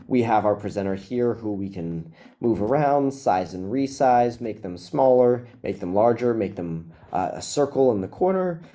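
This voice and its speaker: A man presenting a webinar, walking through a software demo in a relaxed, casual way with frequent ums and uhs. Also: mid-range voice.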